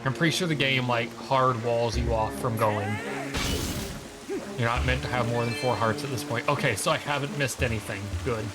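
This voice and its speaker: A man's voice: medium pitch, moderate pace, loud music behind the voice, rough recording. A man streaming a video game, chatting casually and rambling with lots of filler words. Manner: rambling, heavy use of "like" fillers. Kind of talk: casual gameplay commentary.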